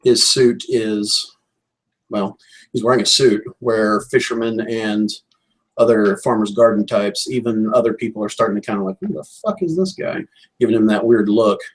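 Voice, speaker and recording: A man narrating as game master of a tabletop role-playing game, describing scenes in a measured, descriptive way. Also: fairly low pitch, little pitch movement, slightly rough, rough recording.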